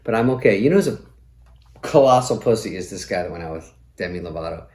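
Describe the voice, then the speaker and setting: A middle-aged man hosts a comedy show with a sardonic, profane monologue. His voice sits on the low side. The sound carries a roomy echo. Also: animated, fast talker, darkish tone. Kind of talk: comic monologue.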